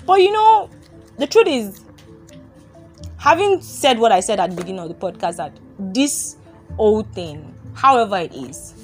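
A woman's voice: mid-range voice, very animated, unhurried. A young woman hosts a casual faith podcast in an open, confessional way. She laughs easily and circles back to the same phrases. Faint music sits beneath her voice. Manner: candid, laughs often, repeats phrases. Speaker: podcast host.

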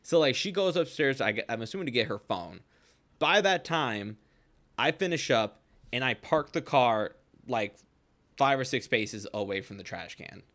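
A young man in casual podcast chat, spinning out a long, loose anecdote at an ordinary middle pitch. His talk is full of "like" and casual swearing. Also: lively intonation, normal speed, a bit bright. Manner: rambling anecdote, heavy use of "like", frequent swearing. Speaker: podcast co-host.

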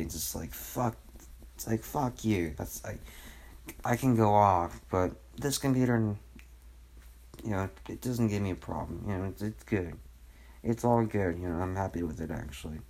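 Deep-voiced young man hosting a podcast from home, talking in a loose, rambling way with heavy swearing and constant filler words. His delivery is casual and unpolished, with no script behind it. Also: moderate pace, a little mellow. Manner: rambling, profane, full of fillers. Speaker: podcast host. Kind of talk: casual solo rant.

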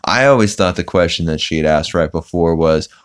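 A man's voice: low-pitched, brisk, clean tone. A man hosting a podcast who recaps a cartoon episode in a casual, rambling way, with lots of ums and restarts as he quotes scenes. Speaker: podcast host.

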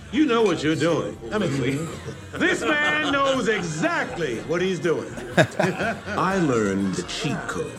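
A smooth middle-aged dude confessing, lively pitch, music under it. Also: male voice. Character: middle-aged man recounting a smooth people-pleasing habit.

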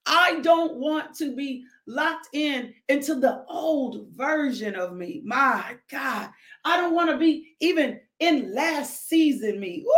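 A woman's voice: high-pitched, expressive, slow pace. Fervent woman preacher whooping with joy. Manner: exuberant, shouting joyful whoops; sips coffee while talking. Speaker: devotional podcast host.

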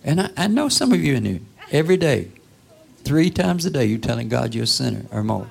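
Male preacher, husky gravelly voice, conversational sermon with rhetorical questions, now and then a whisper. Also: mid-range voice, sing-song, brisk. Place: church.

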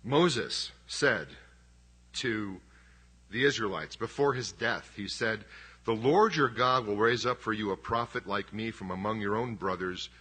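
A man's voice: fairly low pitch, unhurried, bright, forceful tone, slightly rough. A middle-aged man preaching a sermon as pastor, conversational and emphatic, with self-deprecating humor.

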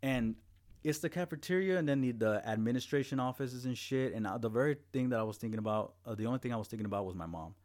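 A man's voice: mid-range voice, fast talker, a little mellow. A young man telling a long personal story in casual chat, rambling, with heavy swearing and many restarts.

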